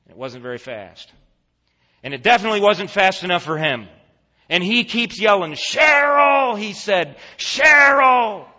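Bright-voiced male preacher in a hall. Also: sits high, animated, normal speed. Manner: vivid storyteller, turning earnest and hushed for the appeal. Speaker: pastor. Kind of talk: sermon with story-telling. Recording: echoey church hall, dull lo-fi sound.

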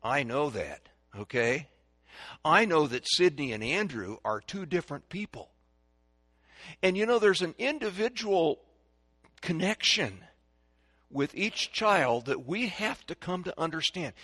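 An older man giving a folksy, sermon-style talk on raising children, animated, acting out stories and drills. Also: fairly high pitch, no room sound, clean studio sound. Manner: animated storyteller, shouting drills to kids. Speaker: speaker on parenting.

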